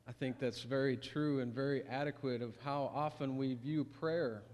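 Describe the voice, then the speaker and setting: A man preaches in a church sanctuary, his voice at an ordinary middle pitch. He talks in an earnest, conversational way and drops in folksy asides. A long reverb trails each of his phrases. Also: fairly even intonation, moderate pace, a little mellow, slight background noise. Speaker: pastor. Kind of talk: sermon.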